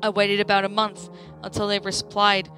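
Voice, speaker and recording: A woman narrating a creepypasta story in a plain, steady reading voice. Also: mid-range voice, normal speed, soft background music.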